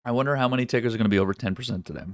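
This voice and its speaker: A man's voice: mid-range voice, very fast, no room sound, studio quality. A man hosting a live trading stream, talking casually through market analysis with frequent restarts and the odd curse. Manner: casual, profane, thinks aloud with many restarts.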